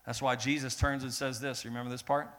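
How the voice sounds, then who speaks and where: A man preaching a sermon in a lively way, acting out the people in his story and swinging between loud bursts and hushed lines. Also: medium pitch, fast. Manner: animated, acts out voices of biblical figures, swings between loud and hushed. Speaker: pastor.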